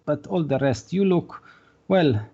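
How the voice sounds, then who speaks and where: A man's voice: on the high side, measured pace, dark tone, husky, highs cut off, voice pushed up. A man doing a frantic fussy little shopkeeper. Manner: frantic, repeats "oi" over and over. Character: short fussy male quill-maker shopkeeper.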